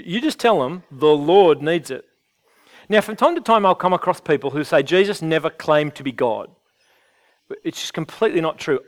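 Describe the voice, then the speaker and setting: Man preaching, conversational, restarts a lot, a bit high-pitched. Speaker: pastor. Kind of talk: sermon.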